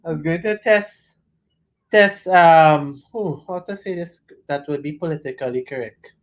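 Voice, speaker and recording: A woman hosting a casual live-stream interview, chatty and joking, rambling as she goes. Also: lowish voice. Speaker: host.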